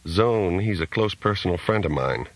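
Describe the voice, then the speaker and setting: A man's voice: sits low, animated, moderate pace, dry recording, rough recording. A man voicing a bitter, sardonic young hustler in an audiobook.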